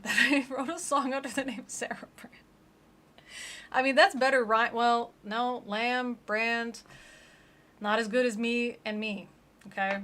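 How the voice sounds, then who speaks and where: A woman with a fairly high voice delivers sarcastic, incredulous comedic commentary on a gospel tract. Her manner is dry and mocking. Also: steady tone, measured pace, pauses often, a bit bright.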